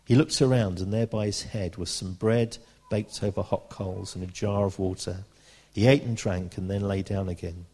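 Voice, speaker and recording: A British man preaching a sermon, reading scripture aloud and slowing down for emphasis. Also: deep voice, steady tone, dark tone. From Britain. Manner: earnest, slows down for emphasis, reads scripture aloud.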